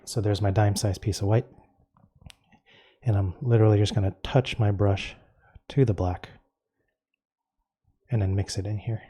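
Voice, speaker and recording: A man teaching a painting lesson, explaining each step calmly and unhurriedly as he works. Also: on the low side, normal speed, long pauses, husky. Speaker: painting instructor.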